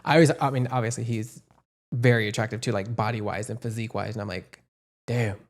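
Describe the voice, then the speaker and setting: A man's voice: on the low side, steady tone, fast talker. A man co-hosting a podcast, chatting casually and expressively, often stammering and restarting. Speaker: podcast co-host. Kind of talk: casual chat.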